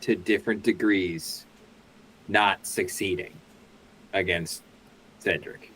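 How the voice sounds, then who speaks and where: A man's voice: sits low, fairly even intonation, slow pace, fairly bright tone, a little hiss or hum, low-quality recording. A man playing in a tabletop game, thinking aloud and correcting himself as he plans. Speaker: player. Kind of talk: casual chat at a tabletop game.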